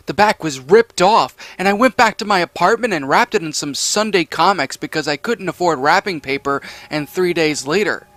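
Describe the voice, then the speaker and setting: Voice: mid-range voice, lively intonation, moderate pace, fairly bright tone, no echo. A story reader giving comedic commentary in a rambling, sarcastic way, full of fillers and restarts.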